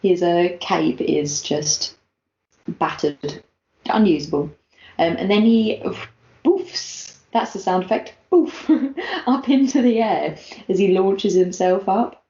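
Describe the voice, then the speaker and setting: Co-host podcastu: kobieta z brytyjskim akcentem, ciepły głos, gadatliwa, w pogłosowym pokoju. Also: female voice, on the low side, measured pace. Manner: chatty, giggly, animated reading of quotes. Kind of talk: casual chat recapping a manga chapter. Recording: lo-fi, echoey room.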